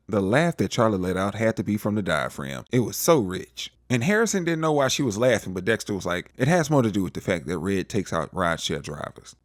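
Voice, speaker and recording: A young man gives a casual TV episode recap and acts out the characters' lines with playful slang. His voice sits low but jumps around a great deal in pitch. The recording is dry and close, with no room sound. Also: no echo. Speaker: recap vlogger.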